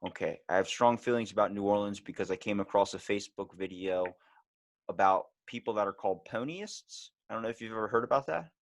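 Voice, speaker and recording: A man from Baltimore with a Baltimore accent, hosting a casual podcast chat and telling stories with animated, acted-out quotes. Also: on the low side, fast. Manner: animated storyteller, acts out quotes loudly. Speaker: podcast host.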